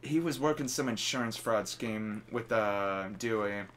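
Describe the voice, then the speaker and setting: A young man co-hosting a let's play, animated and easily exasperated. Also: on the low side, measured pace. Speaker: gaming channel co-host. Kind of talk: casual let's play commentary.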